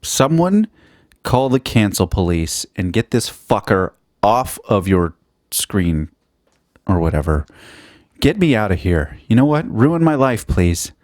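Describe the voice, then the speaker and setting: A man's voice: lowish voice, very animated, measured pace, darkish tone, dry recording, clean studio sound. Sweary man rambling on a solo podcast. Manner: sweary, self-mocking, jumps between topics. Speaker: podcast host.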